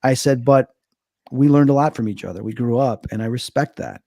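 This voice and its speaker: A man in his fifties from Chicago, a medium being interviewed, telling stories quickly and acting out quoted dialogue. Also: no echo, studio quality. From Chicago, USA. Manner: fast, animated, acts out quoted dialogue with big pitch jumps. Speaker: guest, medium and paranormal investigator. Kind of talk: casual interview storytelling.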